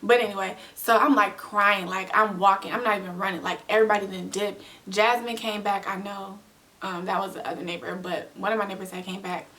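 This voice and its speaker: A young woman telling a storytime vlog in a casual, animated way, full of slang and acted-out quotes. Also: mid-range voice, fairly quick, recorded from a distance. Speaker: vlogger.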